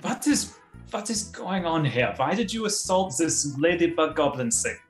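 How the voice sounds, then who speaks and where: A man's voice: a little high, sing-song, normal speed, echoey room, soft background music. A man playing a tabletop game who speaks in character in a stern, stammering manner. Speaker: player. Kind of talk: in-character tabletop role-play.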